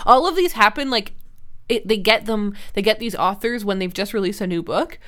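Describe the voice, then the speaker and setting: A Canadian woman who co-hosts a podcast and runs a book YouTube channel chats casually in a loose, rambling way, full of fillers and little laughs. She's giggly and teases herself while telling a story, keeping things light. Her mid-range voice is sharp at a moderate pace, with slight background noise.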